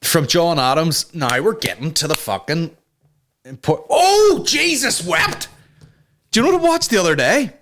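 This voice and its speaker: A man's voice: fairly high pitch, wildly swooping pitch, a little fast, hardly any pauses, a bit bright. A man hosting a comedy podcast, ranting casually with lots of swearing and rambling asides. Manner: sweary, rambling, slips into mock voices. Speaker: podcast host.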